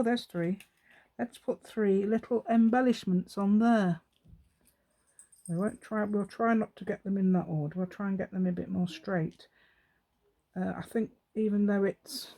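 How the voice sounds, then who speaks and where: A woman's voice: medium pitch, warm tone. Chatty English woman doing crafts. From England. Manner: chatty, self-mocking, rambling asides, laughs often. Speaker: craft channel host. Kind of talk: casual craft tutorial chat.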